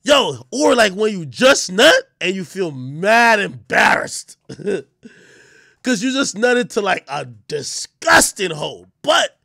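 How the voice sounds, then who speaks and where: A high-voiced man chats on a livestream, his pitch leaping all over as he laughs and yelps through crude stories. His tone is bright and tense, with a gravelly fry underneath, and the sound is dry and close. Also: very animated, slow, no echo. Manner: loud, laughing, crude storytelling with sudden yelps. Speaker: streamer. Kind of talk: casual livestream chat.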